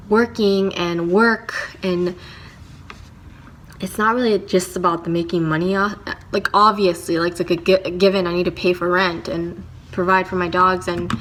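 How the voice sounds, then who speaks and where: A young woman vlogging to camera about her work as a handywoman, talking in a reflective, halting way with many fillers. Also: fairly low pitch, little pitch movement, a bit bright, slight background noise. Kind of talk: casual talking-to-camera vlog.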